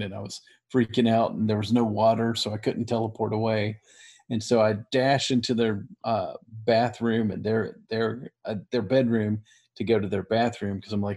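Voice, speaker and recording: A man with a lowish voice tells a story in a relaxed chat. He rambles and piles on details with quick laughs along the way.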